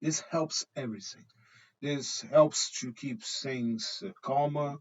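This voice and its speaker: A man's voice: mid-range voice, slow pace. A middle-aged man from Portugal with a Portuguese accent, blunt and swearing freely as he gives his opinions in a casual vlog monologue, often checking in with "okay?". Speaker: vlogger. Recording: dull lo-fi recording.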